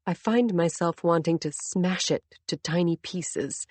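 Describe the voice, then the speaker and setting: Woman, audiobook narrator, first-person story, low voice, tense and intimate, dry close recording. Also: a little slow, darkish tone, dry recording.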